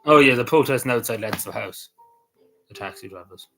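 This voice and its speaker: An Irish man hosting a casual livestream, rambling with many ums and quick apologies. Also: medium pitch, vocal fry, sharp tone, soft background music, poor audio. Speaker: livestream host.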